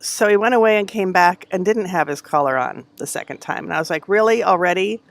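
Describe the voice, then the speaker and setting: Chatty and rambling, full of fillers, this middle-aged knitting host talks casually on a headset mic during a livestream from her home. Her voice sits on the low side, expressive and brisk.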